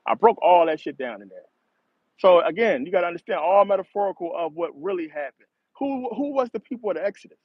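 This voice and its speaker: A man's voice: sits high, expressive, quick pace, no echo. A man hosting a casual monologue, rambling, cursing a lot and laughing often. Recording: dull, slightly lo-fi dry recording.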